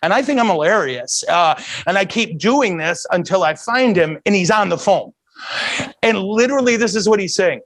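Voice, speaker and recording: A priest giving a heartfelt talk to an audience, earnest and emotional, with self-mocking humor. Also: male voice, sits high, animated, measured pace. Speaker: priest and guest speaker. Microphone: handheld mic.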